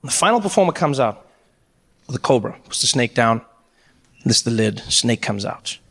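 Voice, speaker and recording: A man performing stand-up comedy, telling a story with animated delivery. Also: medium pitch, moderate pace, long reverb tail. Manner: animated storytelling, jumping into voices.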